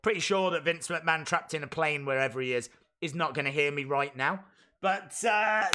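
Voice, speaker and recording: A man hosting a live reaction stream outdoors in a field, excitable and bursting into shouts. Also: fairly high pitch, normal speed. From England.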